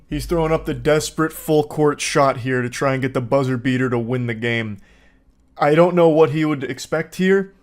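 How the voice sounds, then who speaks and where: Sarcastic, deadpan male commentator. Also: medium pitch, normal speed. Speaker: online commentator reacting to texts. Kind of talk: casual reaction commentary.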